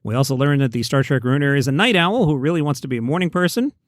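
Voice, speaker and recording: Man with a queens new york accent, comedy news host, fairly high voice, dry close sound, sarcastic asides. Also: no room sound. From New York City. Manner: wry, quick asides and sarcastic digressions. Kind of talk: casual comedy news monologue. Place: outdoors by a pool.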